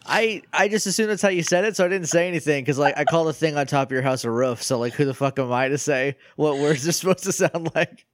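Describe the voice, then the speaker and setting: A man's voice: fairly high pitch, quick pace, hardly any pauses. Easygoing, laughing male co-host. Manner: easygoing, laughing, swears casually. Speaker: podcast co-host. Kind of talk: casual chat.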